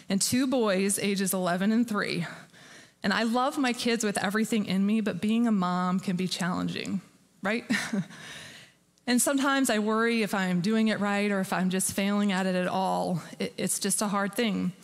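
A woman in her forties, a pastor giving a candid, conversational sermon with a self-deprecating touch. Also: medium pitch. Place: church sanctuary. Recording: long hall reverb.

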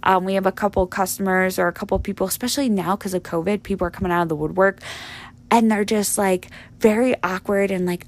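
A woman's voice: mid-range voice, steady tone, quick pace. A young woman hosting a podcast, rambling in a blunt, profane, casual monologue full of fillers. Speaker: podcast host.

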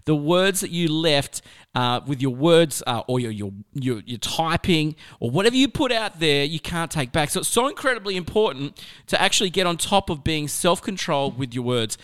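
A man's voice: a little high, expressive, moderate pace, fairly bright tone, smooth. A middle-aged man giving an earnest, conversational motivational talk to teenagers, mixing personal stories with scripture. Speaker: youth speaker.

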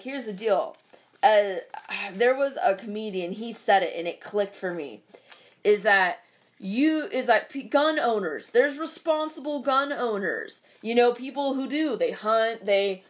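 A young adult woman ranting casually about politics and work, swearing often and rambling with lots of fillers. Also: medium pitch.

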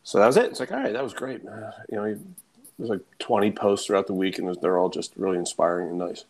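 A man who works as a coach, telling a story in casual chat, animated, swearing, and acting out the people he quotes. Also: fairly low pitch, quick pace.

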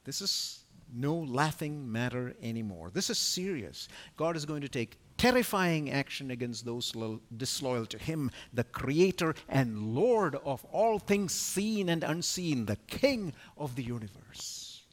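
A man giving an expository Bible teaching at a conference, emphatic and full of rhetorical questions, his loudness rising and falling sharply. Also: medium pitch, big pitch swings, unhurried, few pauses. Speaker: conference speaker teaching scripture. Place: conference venue.

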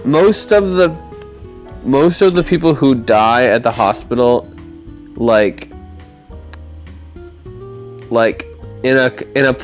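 A man's voice: medium pitch, slow pace, long pauses, faint music behind. A young man co-hosting a podcast on a video call, overtired and playful, laughing often in casual chat. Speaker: podcast co-host.

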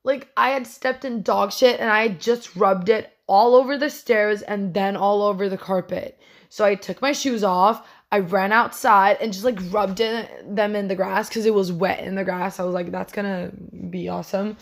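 A woman's voice: medium pitch, normal speed. A young woman hosting her own podcast, talking casually and rambling, swearing freely and correcting herself as she goes. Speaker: podcast host. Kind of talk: casual solo podcast chat.

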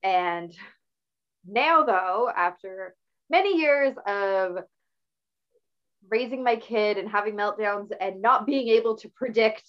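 A middle-aged woman hosting a casual talk show, telling stories in a chatty, animated way. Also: medium pitch, slow, long pauses. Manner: chatty, animated storytelling with laughs. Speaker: podcast host. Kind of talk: casual conversational interview. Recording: slightly dull lo-fi audio.

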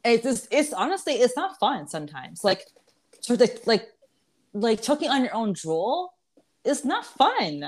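A woman's voice: fairly high pitch, big pitch swings, a little slow. Candid, profane woman podcast host. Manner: candid, profane, laughs often, many restarts. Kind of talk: casual chat.

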